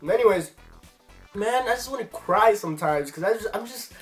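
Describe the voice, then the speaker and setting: Young male vlogger, slightly high voice, rambling frustrated rant with a cough, faint music underneath. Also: expressive, brisk. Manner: frustrated, swearing, rambling with many fillers. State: sick, coughing. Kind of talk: casual ranting vlog.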